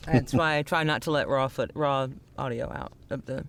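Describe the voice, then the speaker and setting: A man co-hosting a podcast in casual chat, with a husky morning voice and a wry, rambling way of talking. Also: medium pitch, steady tone, normal speed, a bit bright, slight background noise. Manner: wry, rambling, laughs often. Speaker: podcast co-host.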